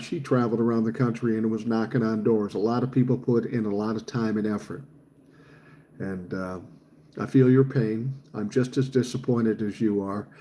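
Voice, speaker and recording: A man in his sixties with a dark, mellow voice talks through viewer comments on his livestream. He is blunt and profane, and his opinions come out fired up. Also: mid-range voice, a little hiss or hum. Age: 60s. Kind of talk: casual chat.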